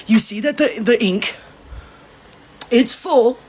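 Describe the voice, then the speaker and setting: A woman's voice: mid-range voice, expressive, unhurried, long pauses, a little hiss or hum. A woman, a mother, ranting angrily and swearing while crying. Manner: angry, profane ranting. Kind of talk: ranting phone video.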